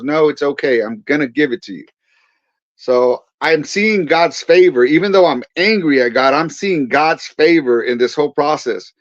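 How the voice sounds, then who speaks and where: A man's voice: on the high side, no echo. A man in his forties from California's Central Valley, a pastor and veteran, earnestly retelling his testimony as a guest with quoted dialogue. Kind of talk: storytelling testimony. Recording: slightly dull dry recording.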